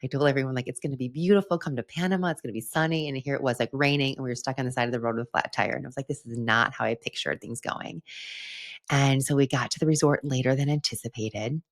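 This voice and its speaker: A woman's voice: extremely low pitch, quick pace. A young adult woman hosting a solo podcast, telling a heartfelt, earnest story with frequent "like" fillers. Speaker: podcast host and retreat leader. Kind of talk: reflective solo podcast monologue.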